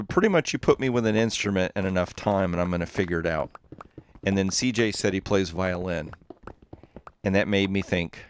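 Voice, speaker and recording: A man with a Southern Texas accent talks casually through a gaming livestream, his voice sitting a little low. He rambles through stories and stops to read viewer messages aloud and answer them. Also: slight background noise. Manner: rambling, chatty, reads viewer chat aloud. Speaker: streamer.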